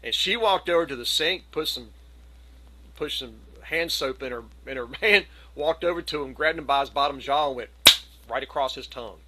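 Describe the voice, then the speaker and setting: A middle-aged man telling a long, animated anecdote on a video call, slipping into the voices of the people in it. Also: medium pitch, normal speed, slight background noise, poor audio. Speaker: community gathering participant. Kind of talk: casual storytelling.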